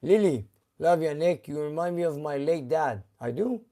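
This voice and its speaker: A middle-aged man who owns a garage, hosting a live stream in a relaxed, halting way with many fillers as he reads out viewer comments. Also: on the high side.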